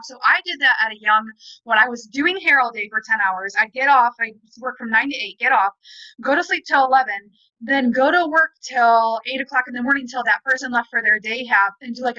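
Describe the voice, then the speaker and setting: A woman's voice: fairly high pitch, pushed and bright, no echo, low-quality recording. A woman and parent on a video call, speaking in a rambling, emphatic way and often acting out what people said to her. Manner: rambling, emphatic, retelling dialogue. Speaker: parent and guest. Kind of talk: casual conversation.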